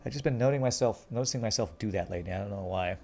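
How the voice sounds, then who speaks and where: An American man giving relaxed, chatty commentary while playing a game and reading his chat aloud. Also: lowish voice, racing. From United States. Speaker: game streamer. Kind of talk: casual gameplay commentary. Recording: faint music behind.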